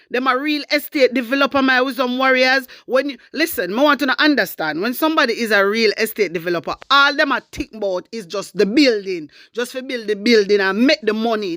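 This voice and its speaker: A woman's voice: sits high, bright, forceful tone, dry recording, studio quality. A woman with a Jamaican accent delivering an angry, preachy political rant, mixing Patois into her talk. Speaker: political commentator.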